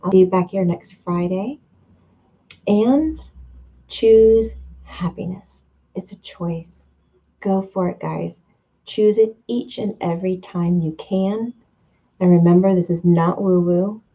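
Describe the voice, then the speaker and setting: A woman's voice: fairly low pitch, slow pace, dark tone, dull audio. A woman hosting a live stream, chatting casually, reading viewer comments aloud and laughing often.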